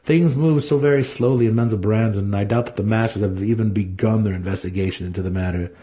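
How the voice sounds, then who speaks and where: A man voicing a scheming young male dark elf wizard who talks sharply and slyly. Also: fairly low pitch, fast, lightly acted. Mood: cold. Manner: sharp, scolding, sly.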